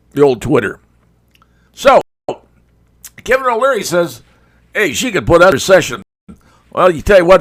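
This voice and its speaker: A male talk show host giving a folksy, conversational opinion monologue, speaking straight to his viewers. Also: a little high.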